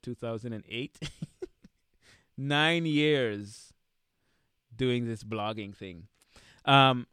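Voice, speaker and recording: A man hosting his own podcast, talking casually and heartfelt, slowing down and growing emotional as he thanks listeners, then hyping himself back up. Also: medium pitch, smooth, dry recording, studio quality. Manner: heartfelt, slows down softly when grateful, then hypes himself up. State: getting emotional. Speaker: podcast host. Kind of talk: casual solo podcast talk.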